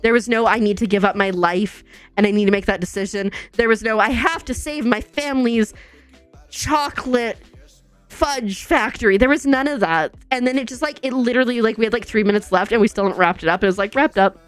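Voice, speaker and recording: A woman's voice: on the high side, fairly quick, clean tone. Bubbly young woman streamer, chatty. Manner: bubbly, chatty, laughs easily; says "like" a lot. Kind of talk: casual chat with chat readers. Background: soft background music.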